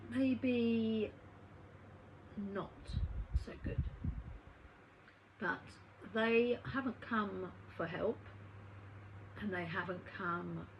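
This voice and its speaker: A woman speaks as a medium and healer, telling a story in an easy, chatty way. She acts out the dialogue in her tales at a middling pitch. A steady background hum runs under the recording. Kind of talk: conversational storytelling monologue.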